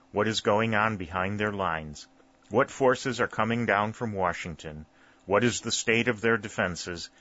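A man voicing a flattering, persuasive Confederate general in soft tones, in a storybook reading. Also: on the low side, lo-fi sound.

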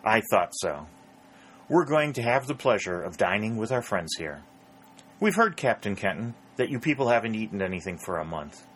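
A man's voice: on the low side, sing-song, normal speed, a bit bright, slight background noise. A man reading a jovial teasing soldier. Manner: playful, teasing.

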